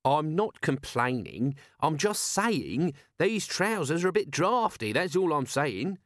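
A man's voice: fairly high pitch, very animated, unhurried, dry recording, voice pushed up. Sulky shifty little guardsman, read by a man, grumbling and dry. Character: scrawny sulky male guardsman, small and shifty.

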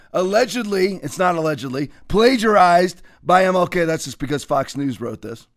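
Male commentary host, high voice, sarcastic and mocking. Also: lively intonation, normal speed, few pauses. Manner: mocking, sarcastic, laughs often. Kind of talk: political commentary show.

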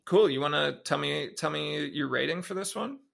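A man co-hosting a video game podcast, chatting casually and excitably. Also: a little high, moderate pace, creaky. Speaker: podcast co-host. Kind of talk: casual chat.

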